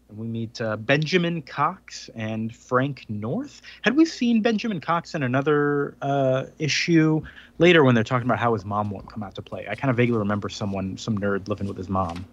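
A man's voice: medium pitch, expressive, moderate pace, dry recording, muffled recording. A man co-hosting a podcast, retelling a comic's plot in a rambling casual way with lots of fillers. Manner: rambling, filler-heavy retelling with acted-out quotes. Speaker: podcast co-host. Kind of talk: casual chat recapping a comic.

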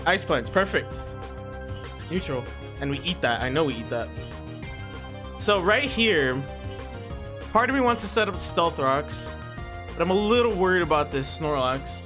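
A young man hosting his own channel, commentating a competitive battle game in a casual, excitable and nervous way, laughing often and tripping over words. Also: a little high, a little slow, pauses often. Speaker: Pokemon battle league competitor and channel host. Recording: faint background music.

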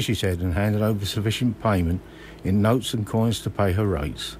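A man in his sixties from Kent, reading his own memoir slowly and measuredly in a radio studio. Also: fairly low pitch, a little mellow, a little hiss or hum.

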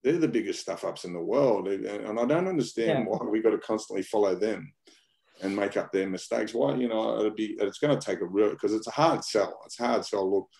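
Brisk and fairly low with vocal fry, this Australian man's darkish voice leaves few pauses as he chats in a casual interview. He's a blunt rambler who repeats words and uses slang.

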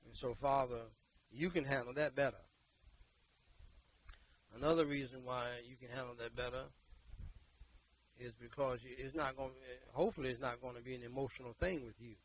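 A man, preaching a sermon and leading prayer, emphatic and repetitive, moving between loud exhortation and quiet talk. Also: medium pitch, steady tone, brisk, pauses often, poor audio.

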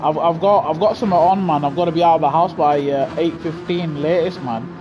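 A man with a British accent giving chatty, excitable live commentary on a racing game over a headset mic, laughing often and grumbling in mock outrage. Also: a little high, brisk, highs cut off, soft background music. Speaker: gaming streamer. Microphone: gaming headset.

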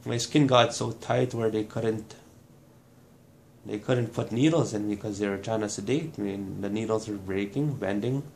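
A man from Manitoba, Canada, giving a personal testimony in a halting, restarting way, blunt and swearing at times. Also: on the low side, vocal fry, darkish tone, slight background noise. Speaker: burn survivor telling his story.

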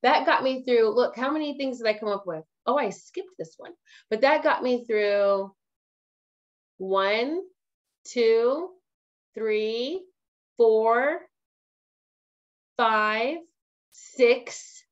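A woman trainer hosting a casual live tutorial, chatting excitedly and laughing at herself as she works. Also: on the high side, very slow, long pauses, muffled recording. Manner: excitable, giggly, self-amused chatter.

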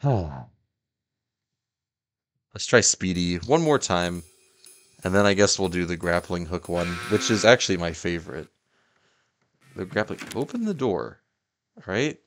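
An unhurried young man with a low voice pauses often as he comments casually on his gameplay, a little hiss or hum in the background. The gaming YouTuber talks to the game, excitably yelping and laughing at what happens.

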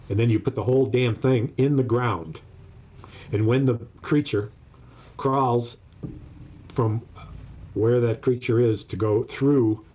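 A man's voice: lowish voice, darkish tone, a little hiss or hum. A man co-hosting a podcast in casual comedic chat, telling profane, ranting stories. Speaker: podcast co-host.

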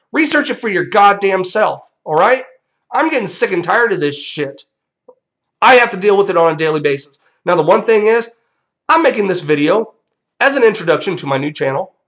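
A man's voice: high-pitched, fairly bright tone. A young man hosting a vlog, delivering a profane, combative rant straight to viewers. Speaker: channel host.

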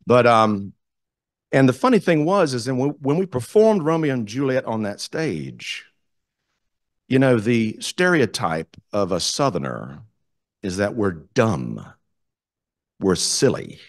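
A man with a Southern US accent, a community theater director telling animated stories as a guest speaker at a club meeting. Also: medium pitch, unhurried, pauses often, no room sound, studio quality. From South Carolina, US. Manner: animated, enthusiastic storyteller. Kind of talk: storytelling talk to a club.

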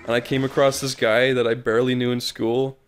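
A man in a casual group chat, his voice sitting in a middle pitch, tells a story with animated acted-out lines. Faint music plays behind him. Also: brisk, smooth. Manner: animated, acts out quoted lines. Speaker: podcast regular.

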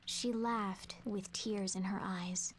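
An actress voicing a young girl who narrates a sad memory in a soft, slow, half-whispered game narration. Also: mid-range voice, steady tone, a little hiss or hum, lightly acted. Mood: hushed.

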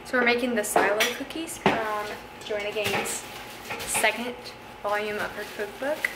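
A young woman vlogging from her home kitchen chats casually as she cooks, narrating each step and laughing often. Her voice is mid-range and her pace measured, and the recording has heavy background noise, with the kitchen echoing and music playing behind her.

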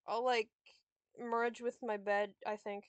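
High-voiced woman swearing at a game. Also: level tone, slow, dry recording. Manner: frustrated, swearing, talking to herself. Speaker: streamer playing a board game. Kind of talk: casual gameplay commentary.

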